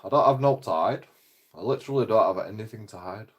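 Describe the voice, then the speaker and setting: A man's voice: lowish voice, quick pace, husky. A man, telling a story on his channel in a casual, profane, indignant way. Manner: swearing heavily, animated, indignant. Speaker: channel host.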